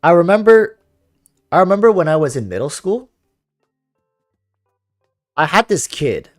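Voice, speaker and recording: A young man streaming a game, chatting casually with a calm, relaxing voice while he rambles through viewer comments and answers their questions. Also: a little high, measured pace, no echo, clean studio sound, soft background music. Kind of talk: casual livestream chat.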